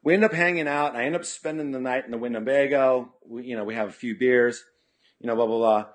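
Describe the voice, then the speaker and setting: He talks fast, his pitch medium, as a punk musician from California guesting on a podcast and rambling through a long, casual story. Quoted lines get acted out, "you know" fills the gaps, and a podcast studio mic records it all.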